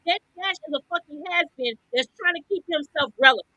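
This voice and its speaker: Fired-up woman ranting, high bright voice. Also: fast, dry recording, muffled recording. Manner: profane, blunt, fired-up ranting. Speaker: podcast co-host. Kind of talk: heated podcast rant.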